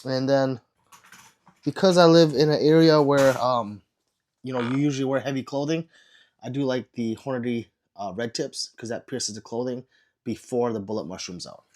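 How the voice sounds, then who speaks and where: A man who is sick, chatting casually on a livestream and reading viewer comments aloud with low energy. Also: fairly even intonation, normal speed, darkish tone.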